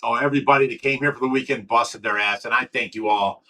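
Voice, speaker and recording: A man's voice: medium pitch, fairly even intonation, quick pace, pushed and bright, low-quality recording. A middle-aged man from Ohio hosting a casual livestream, talking bluntly and heatedly in long rambling stretches, swearing often and restarting his sentences. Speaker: fish rescue owner and livestream host.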